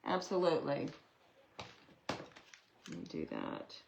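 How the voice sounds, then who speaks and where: A woman's voice: deep voice, wildly swooping pitch, slow, vocal fry, noisy background. A woman hosting a live craft tutorial, chatting with viewers in an upbeat way while she works. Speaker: craft host.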